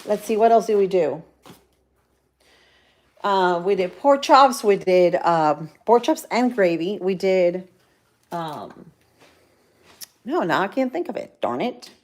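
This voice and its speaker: A woman's voice: medium pitch, expressive, slow, long pauses, darkish tone. A woman chatting casually on a livestream, reading viewers' comments aloud and answering them. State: chilled from the cold. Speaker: livestream vlogger.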